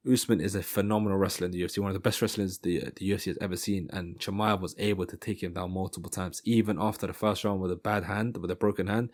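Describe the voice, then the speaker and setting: A man giving casual fight commentary in a rambling style, often stopping to correct himself. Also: low-pitched. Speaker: MMA commentator.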